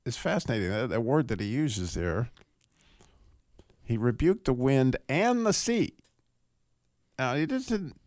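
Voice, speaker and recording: A man hosting a radio call-in show, teaching through a Bible passage in a casual, animated way. He laughs often and restarts his sentences. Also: medium pitch, no room sound, clean studio sound.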